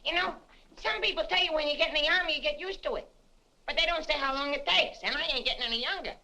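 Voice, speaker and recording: A man playing a whiny young army private in a 1950s film, complaining in a rapid-fire way. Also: very high voice, pushed and bright, a little hiss or hum, heavily acted. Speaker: soldier.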